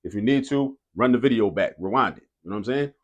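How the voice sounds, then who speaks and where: A man's voice: lowish voice, expressive, fast talker, dull audio. Casual, repetitive man teaching math. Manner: repeats key rules for emphasis, casual and direct. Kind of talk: explaining a math lesson to students.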